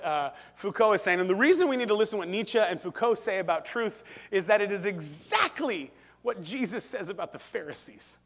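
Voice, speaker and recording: Emphatic, high-voiced male pastor; sermon in a reverberant church. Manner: animated and emphatic, repeats "listen" and "right?".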